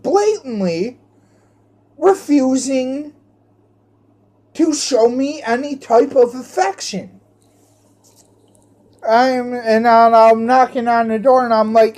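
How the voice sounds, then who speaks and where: A man's voice: very high voice, a little mellow. A man ranting in a rambling, profane monologue, repeating his phrases and restarting them often. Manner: repetitive, restarts phrases, swears heavily.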